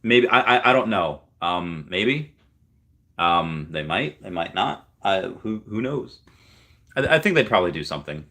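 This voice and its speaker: Male streamer, deep voice, casual and hesitant, reading chat aloud. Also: expressive, a little slow, sharp tone. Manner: chatty, hesitant, repeats words while thinking. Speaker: livestream host. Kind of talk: casual live chat, reading viewer comments.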